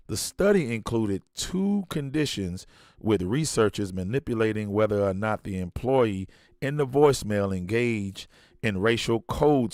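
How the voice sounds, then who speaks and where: A low-voiced man hosts a podcast, reading a study aloud in a halting way and correcting himself as he goes. Between passages he drops into blunt, casual commentary. The recording is dry and close. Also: darkish tone, no room sound. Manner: reads haltingly, restarts, blunt colloquial asides. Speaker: podcast host.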